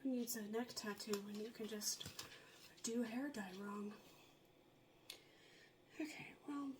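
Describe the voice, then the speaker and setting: Slightly high-voiced woman rambling to herself in a home vlog, muttery asides, faint room hum. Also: takes it slowly. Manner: rambling, self-mocking, muttering asides under her breath. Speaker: vlogger. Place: home, at a table.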